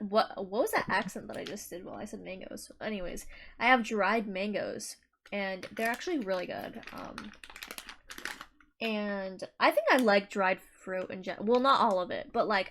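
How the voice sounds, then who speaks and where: A woman's voice: medium pitch, fairly bright tone. A young adult woman co-hosting a podcast in casual chat, rambling with many restarts and a giggly manner. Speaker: podcast co-host.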